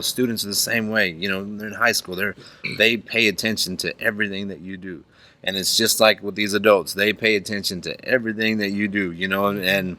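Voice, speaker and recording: Male podcast host, deep bright voice, earnest and rambling in relaxed conversation. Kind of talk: casual chat.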